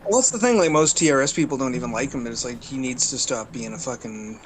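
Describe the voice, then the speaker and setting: A man's voice: medium pitch, fast, a crowd in the background. A man on a stream call, chatting casually and telling stories with some hesitation. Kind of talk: casual chat.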